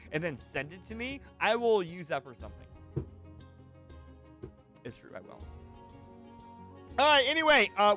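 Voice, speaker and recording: A man's voice: on the high side, pushed and bright. A man hosting a game stream, chatting playfully with a co-host and reading chat aloud.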